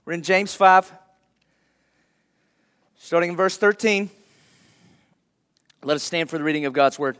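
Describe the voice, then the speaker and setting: A man's voice: on the high side, unhurried, long pauses, a bit bright, clear, resonant tone. A man preaching a sermon to his church in a conversational way, laughing lightly now and then. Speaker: pastor.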